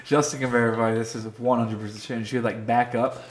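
A man's voice: medium pitch, little pitch movement, quick pace, slight background noise. A man co-hosting a casual talk show, telling a rambling story and laughing often. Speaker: podcast co-host. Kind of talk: casual banter. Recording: roomy echo.

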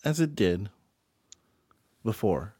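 A man hosting a comedy show, playing a patient straight man who calmly questions and corrects his guest. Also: on the low side, takes it slowly, breathy edge, no echo, studio quality. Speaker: host. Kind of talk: comedy podcast chat.

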